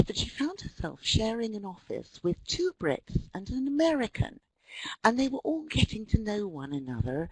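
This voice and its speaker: A woman presents an online talk on language with a husky, breathy edge to her voice. Her pitch rises and falls in a lively way as she tells anecdotes and puts on the voices of the people she quotes. The sound is close and dry. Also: dry recording, poor audio. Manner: lively storytelling, acts out quotes. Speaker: webinar presenter.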